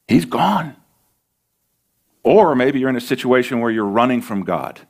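A man preaching a sermon as pastor, earnest and emphatic, slowing down and pausing for dramatic weight. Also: mid-range voice, animated, darkish tone.

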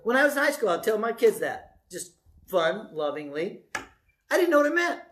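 A male pastor preaching a sermon in a lively, conversational way, often asking the congregation questions. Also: high voice, moderate pace, a little hiss or hum. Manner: animated, conversational, asks the audience questions.

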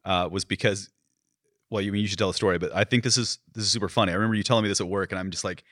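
Low-voiced man with dry jokes. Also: steady tone, rapid-fire, fairly bright tone. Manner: dry, joking interjections. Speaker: podcast co-host. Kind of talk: casual chat.

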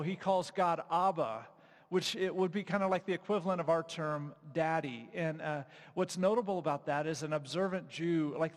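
Male pastor, slightly higher voice, casual emphatic sermon delivery, long hall reverb. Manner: conversational, emphatic, with frequent fillers.

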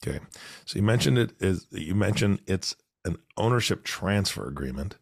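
Low hoarse podcast co-host man. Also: moderate pace, no room sound, clean studio sound. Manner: relaxed, joking, asks interview questions. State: hoarse from illness. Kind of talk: casual chat.

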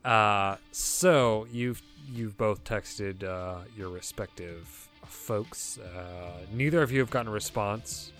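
A man narrating as game master of a tabletop game, relaxed and halting with frequent fillers. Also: lowish voice, faint music behind.

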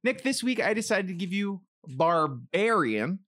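A man's voice: high-pitched, fairly quick, fairly bright tone. A young man co-hosting a casual podcast, talking eagerly and enthusiastically about films. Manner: eager, enthusiastic film talk. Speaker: podcast co-host.

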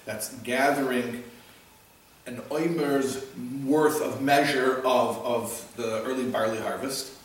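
He talks slowly, with a medium pitch and fairly even intonation, over a little hiss or hum. Possibly a rabbi, this man gives an informal Torah class on Jewish practice, opening with a joke and teaching conversationally. The hall is echoey, the mic sits at a distance, and there's faint ambience.

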